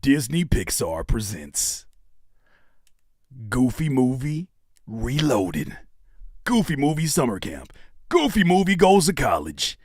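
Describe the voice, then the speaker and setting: A man's voice: medium pitch, big pitch swings, slow, long pauses, breathy edge, no echo, clean studio sound. A man hosting a livestream where he reacts to music submissions, talking casually, joking and repeating phrases for effect. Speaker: host reviewing music submissions.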